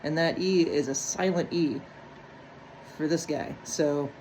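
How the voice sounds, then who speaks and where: A woman's voice: sits low, measured pace, darkish tone, a little hiss or hum, poor audio. A woman walking step by step through a phonics lesson on breaking words into syllables, checking in often with "right?". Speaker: teacher.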